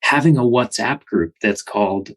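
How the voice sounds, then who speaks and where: A man's voice: medium pitch, moderate pace, poor audio. An American man hosting a podcast, reflecting on his guest's points and asking thoughtful questions with a few restarts. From United States. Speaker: podcast host. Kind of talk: casual interview.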